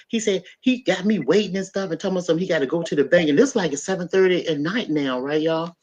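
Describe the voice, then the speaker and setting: A woman's voice: fairly low pitch, fast talker, hardly any pauses. Middle-aged woman, casual podcast host, emphatic storytelling, dull lo-fi sound. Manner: animated, emphatic storyteller, addresses listeners as y'all.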